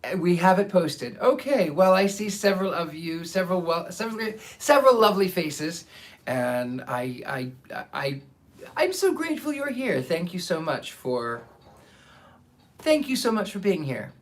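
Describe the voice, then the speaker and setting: This is the host of a live storytelling stream, a man whose voice sits high and swings widely in pitch at a normal speed. He trades casual, theatrical chat with his audience, calling people by name, then reads aloud from a book.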